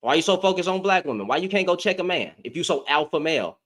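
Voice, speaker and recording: A man ranting in a casual, slangy reaction commentary, heated with loud bursts. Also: fairly high pitch, expressive, fast.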